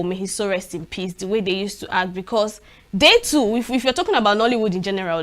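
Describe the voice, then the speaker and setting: Animated Nigerian woman presenting the news. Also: mid-range voice. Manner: animated and expressive, laughing often, frequent restarts. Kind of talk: live newspaper review commentary.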